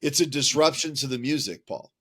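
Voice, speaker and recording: Male teacher co-host, mid-pitched, patient explainer, casual chat. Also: expressive, a little fast, a bit bright, husky. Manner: explains patiently, taps out rhythms aloud.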